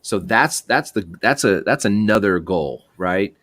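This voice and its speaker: Male host, low voice, dry close sound, encouraging and rambling. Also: expressive, unhurried, fairly bright tone, no room sound. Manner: encouraging, repeats himself. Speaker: podcast host. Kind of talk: casual chat.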